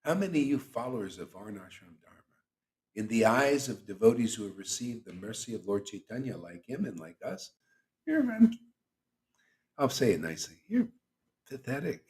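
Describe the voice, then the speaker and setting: Hosting a chanting session on a devotional livestream, a man with a medium-pitched, slightly mellow voice speaks at a moderate pace in a sing-song way. This spiritual teacher preaches casually, using slang, teasing, and laughing a lot.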